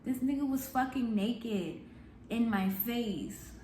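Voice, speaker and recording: Young female vlogger, animated storyteller with street slang, recorded in an echoey room. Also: on the high side, slow, slight background noise. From New York. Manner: animated, profane street slang, acts out shouted quotes. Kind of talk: storytime vlog.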